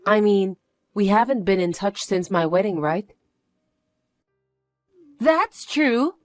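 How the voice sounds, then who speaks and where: A woman telling a first-person story in a flat, weary, matter-of-fact way. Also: medium pitch, moderate pace, faint music behind. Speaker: narrator and main character.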